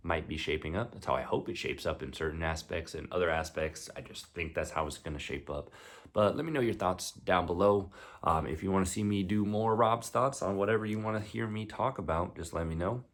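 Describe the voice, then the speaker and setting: A man chatting casually as a wrestling vlogger, rambling and excitable, breaking into laughter easily. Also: low voice, a little fast. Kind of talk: casual chat.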